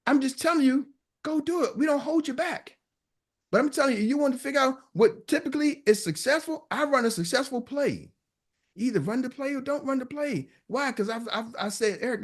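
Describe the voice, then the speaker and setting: A man giving a business coach's motivational talk to a live online audience, emphatic and preachy, hammering his points home through repetition. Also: very high voice. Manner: emphatic, preachy, repeats punchlines.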